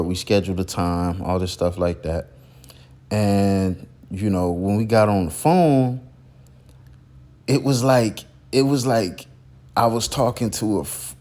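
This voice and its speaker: A man's voice: lowish voice, darkish tone. A man telling a casual story about a mentor, rambling with many fillers and restarts. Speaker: content creator recalling a mentor.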